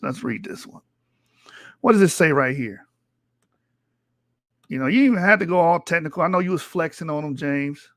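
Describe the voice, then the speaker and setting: A man's voice: fairly high pitch, fairly bright tone, no room sound, studio quality. A man hosting a livestream, reading textbook passages aloud and arguing back at them in a combative, profane way. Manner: combative and profane, with rising intensity. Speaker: livestream host. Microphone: streaming mic.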